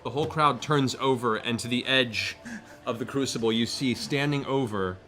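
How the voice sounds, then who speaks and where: A man running a tabletop game as game master, telling the scene with dramatic storytelling and dropping to a hushed tone for tension. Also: medium pitch, moderate pace.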